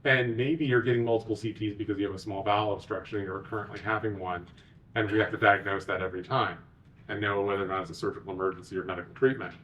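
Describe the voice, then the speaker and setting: A man, a physician executive, giving a conference talk with animated, sarcastic asides. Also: on the low side, quick pace, far from the mic.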